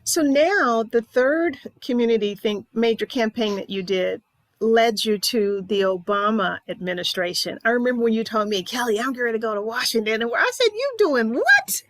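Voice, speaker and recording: A woman's voice: on the high side, brisk, no echo. Woman hosting a casual interview. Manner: friendly reminiscing, asks prompting questions. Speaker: host.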